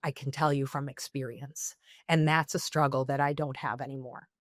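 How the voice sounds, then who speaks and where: A woman's voice: a bass voice, steady tone, normal speed, no echo, studio quality. A woman speaking as a therapist guest on a podcast, giving earnest advice and checking in with "okay?" often.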